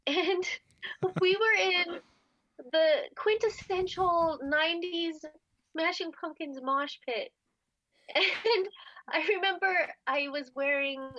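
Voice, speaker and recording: A woman in her forties telling a story in casual podcast chat, animated and often laughing. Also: high voice. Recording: slightly dull, dry podcast audio.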